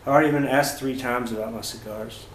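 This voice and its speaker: Telling a casual story about his travels, a medium-pitched vlogger speaks in a relaxed, halting way, leaning on fillers and restarts. The echoey room adds reverb, with a faint hum running underneath.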